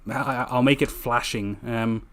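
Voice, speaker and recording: A man's voice: mid-range voice, fairly even intonation, moderate pace, a bit bright. A man reading his own book aloud casually, tripping over words and correcting himself with jokey asides.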